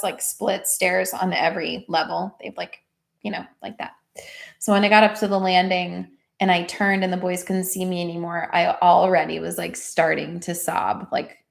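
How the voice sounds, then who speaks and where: A woman hosts an emotional healing livestream, mixing casual storytelling with coaching. Her medium-pitched voice carries a gravelly fry. She's chatty and animated, laughs readily, and quotes other people in lively voices.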